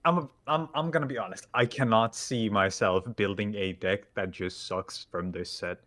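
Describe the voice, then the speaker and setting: A young man with a fairly low voice, co-hosting a casual chat. He teases his partner, laughs easily, and swears bluntly. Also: normal speed, a bit bright. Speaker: co-host. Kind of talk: casual chat about a card game.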